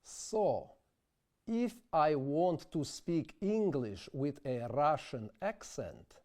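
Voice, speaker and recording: A man narrating a diction lesson at an unhurried, deliberate pace. His voice is mellow and dark. He stops to sound out example words carefully. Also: a little high, big pitch swings. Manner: measured, demonstrates word pronunciations. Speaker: diction instructor. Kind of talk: scripted instructional narration.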